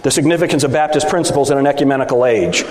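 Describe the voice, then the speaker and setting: A man's voice: medium pitch, rapid-fire, darkish tone. A middle-aged man, a Baptist preacher, giving an emphatic sermon to fellow preachers and often asking them whether they agree. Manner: emphatic, rhetorical, seeking agreement from the audience. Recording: echoey hall, speaker at times off mic.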